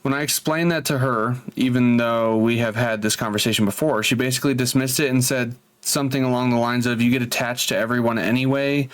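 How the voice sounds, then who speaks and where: A man reading online posts aloud and chatting his reactions between them, with quick asides. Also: medium pitch, steady tone, clear, resonant tone. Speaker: reddit story reader and reactor.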